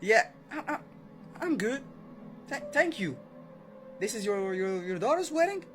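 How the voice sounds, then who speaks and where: A man's voice: a little high, expressive, fairly quick, fairly bright tone, soft background music. A man voicing a famous young female wedding singer who is polite but reluctant, stammering as she hedges. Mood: uneasy. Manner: hesitant, stammering.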